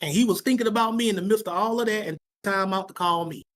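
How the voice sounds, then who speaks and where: This man speaks high and fast with a fairly bright tone. He's teaching young people in a Sabbath class, preaching informally with emphatic slang and repeating points to drive them home.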